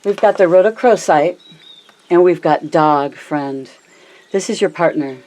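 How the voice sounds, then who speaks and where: Low-voiced woman giving a chatty tarot reading. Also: darkish tone. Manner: chatty, affectionate, addresses viewers as my loves and honey; varies her pitch and pace a lot, slows down for emphasis. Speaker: tarot reader. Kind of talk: casual tarot reading to camera.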